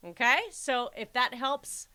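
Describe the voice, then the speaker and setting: Woman cohost, bright higher voice, chatty and emphatic, casual podcast talk. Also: takes it slowly, smooth. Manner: emphatic, animated storytelling. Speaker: podcast co-host. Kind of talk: casual chat.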